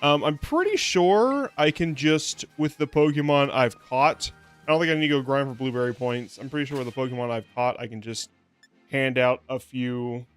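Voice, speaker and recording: A hoarse young man chatting casually while streaming a video game, rambling, joking at himself and laughing often. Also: medium pitch, moderate pace, faint music behind. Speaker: VTuber streamer. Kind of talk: casual gameplay stream chat.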